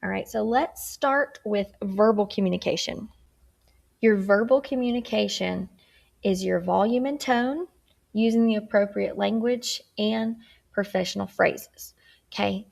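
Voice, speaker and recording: Gravelly-voiced woman teaching a lesson. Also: medium pitch, a little slow, a little mellow. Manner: chatty, keeps checking in with "okay?"; acts out tone examples. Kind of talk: recorded workplace skills lesson.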